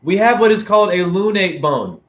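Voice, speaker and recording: A man's voice: sits high, lively intonation, normal speed. A man lectures his live-stream chat from his phone, speaking in a slightly raised register. He preaches and taunts and keeps pressing the viewers with rhetorical questions. He sounds sure he has already won the argument. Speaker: self-styled spiritual teacher streaming to a chat. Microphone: phone camera.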